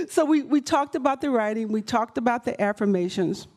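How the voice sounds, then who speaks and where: Workshop leader, woman, high pitch, emphatic, repeats phrases as she speaks. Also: big pitch swings, moderate pace, a little mellow. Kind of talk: live workshop talk. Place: event room.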